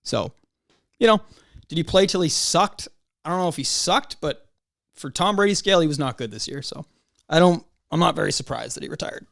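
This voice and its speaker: A young man hosts his own show alone and rants hotly, swearing often. His voice sits fairly high for a man. The sound is dry and close, with no room around it. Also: fairly quick, gravelly, a bit bright, no echo. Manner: profane, heated, ranting. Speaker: podcast host. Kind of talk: angry solo podcast rant.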